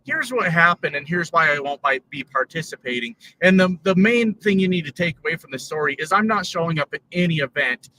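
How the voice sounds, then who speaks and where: A man's voice: on the high side, expressive, brisk, few pauses, bright, forceful tone. A man talking to his viewers while driving his truck, rambling with lots of fillers. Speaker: trucker YouTuber. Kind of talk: casual vlog while driving. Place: truck cab on the road. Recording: distant mic, road noise.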